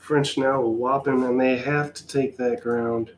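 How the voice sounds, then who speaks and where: Man, unhurried sardonic play-by-play of a solo tabletop game, faint background noise. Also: mid-range voice, level tone. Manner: wry, sarcastic, mildly exasperated. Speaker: solo tabletop wargame player.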